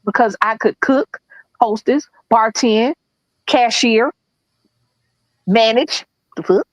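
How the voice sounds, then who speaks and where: A blunt, animated woman co-host telling a story in casual chat, swearing freely. Her voice sits a little high, and the sound is dry and close. She delivers it with loud, easy confidence. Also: slow, dry recording, rough recording. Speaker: podcast co-host.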